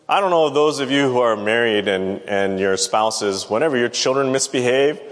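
Preaching a Bible teaching sermon, a man speaks in an unhurried, medium-pitched voice, chatting conversationally and asking his listeners questions. A large hall gives the recording a long reverb.

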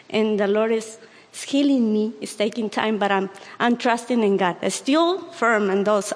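Slow, earnest woman in a reverberant hall. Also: a little high. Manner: earnest, halting, with many pauses and restarts. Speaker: church member giving testimony. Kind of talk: personal testimony.

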